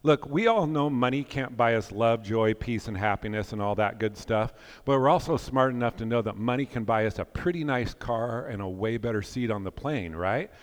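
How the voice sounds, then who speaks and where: A man in his fifties preaching a sermon as pastor, animated and jokey, swinging between loud urging and quiet, earnest reflection. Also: medium pitch, moderate pace, few pauses. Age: 50s. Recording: long hall reverb.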